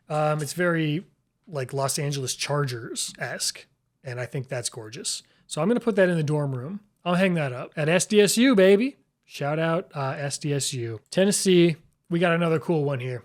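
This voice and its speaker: A man's voice: a little high, lively intonation, moderate pace. A man hosting his own video, giving casual, playful commentary as he ranks flags, with frequent exclamations and chuckles. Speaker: YouTube host.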